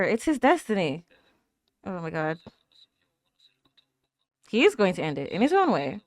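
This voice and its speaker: A woman's voice: on the low side, very animated, a little slow, pauses often, no echo, studio quality. A woman hosting an anime reaction video, chatting casually and talking back at the screen, with frequent laughs and fillers. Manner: laughs often and coos at cute moments.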